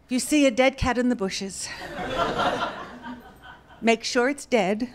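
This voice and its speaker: A woman comedian doing stand-up storytelling on a club stage, wry and deadpan, rising to exasperated bursts. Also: a little high, takes it slowly, noisy background. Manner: deadpan, wry delivery that rises to exasperated outbursts. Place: comedy club stage before a laughing audience.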